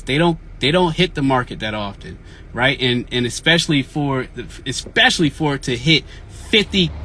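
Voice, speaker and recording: A man's voice: a little high, bright, forceful tone. A man hosting a casual real estate Q&A livestream, outdoors and talking into a phone, sounding frustrated and repeating himself as he vents. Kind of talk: casual livestream chat, venting. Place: outdoors in the field.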